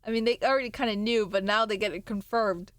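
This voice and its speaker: A woman's voice: mid-range voice, fairly even intonation, fast talker, dry recording, clean studio sound. A woman streamer chatting casually with viewers, sleepy and playful, rambling with sudden squeals and mock voices. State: sleepy, yawning.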